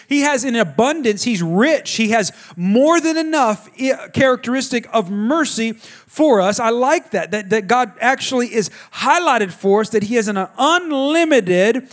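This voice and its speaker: A man, preaching a sermon in a conversational way, telling family stories and talking to the congregation directly. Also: extremely high pitch. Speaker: pastor.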